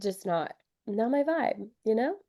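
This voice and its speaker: A woman's voice: fairly high pitch, lively intonation, a little slow, warm tone. A young woman from the Midwest chatting casually on a podcast, upbeat and giggly, with lots of fillers. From Wisconsin. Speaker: podcast guest. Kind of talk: casual chat.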